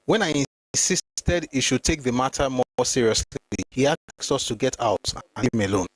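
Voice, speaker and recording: A man with a medium-pitched, slightly mellow voice reads aloud from a memoir for a history channel, with no echo in the recording. He reads steadily but pauses now and then to comment and reread a passage.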